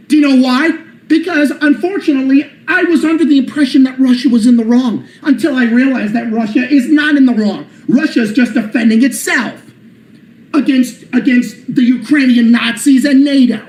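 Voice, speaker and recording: A man with a strikingly high voice rants on a livestream. He talks in a heated, profane way to his viewers. The echo of the room he sits in is clearly heard. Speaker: channel host. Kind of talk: livestream rant. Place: apartment room. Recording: echoey room.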